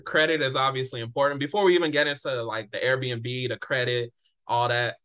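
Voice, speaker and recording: A man hosts a podcast with a relaxed, encouraging manner, echoing his words as he nudges his guest along. His voice sounds bright and forward, at an ordinary pitch for a man. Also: a little fast, clear, resonant tone. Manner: laid-back, encouraging, repeats words. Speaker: podcast host. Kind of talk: casual interview.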